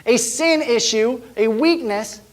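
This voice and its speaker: Slowly and in an extremely high pitch, a male pastor recounts a personal experience while preaching. The delivery is conversational, with frequent restarts and many drops to near-whispered tones.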